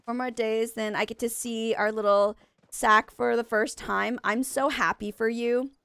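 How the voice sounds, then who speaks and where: A young woman's high-leaning, somewhat bright voice stays steady in tone and runs a little slow as she chats casually with viewers during a game live stream. The sound is clean with no echo. She rambles, corrects herself often, and has a stuffy nose.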